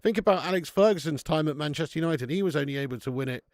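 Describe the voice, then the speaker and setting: Racing along at a fairly high pitch, this guy hosts a live football watch-along stream, chatting casually and reading viewers' messages aloud. He laughs readily and curses, and the audio is close and dry without any echo.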